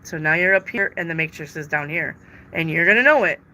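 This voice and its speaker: With a low-sitting, animated voice that runs a little fast and sounds sharp, a woman reads tarot on a live stream, with slight background noise. In casual chat, she reads out viewers' questions and answers with emphatic, stressed repetition.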